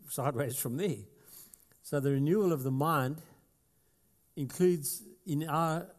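A man's voice: mid-range voice, a little mellow. A man with a South African accent preaching a sermon as pastor, talking conversationally and building to emphatic passages. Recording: long hall reverb.

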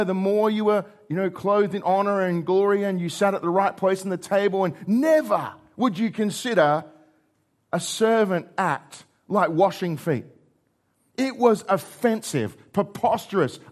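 A middle-aged man delivering a sermon in a fairly high voice. He swings between quiet, low asides and raised, excited passages as he acts out the exchanges he describes. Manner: animated, acts out dialogue with shifting pitch and volume. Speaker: preacher.

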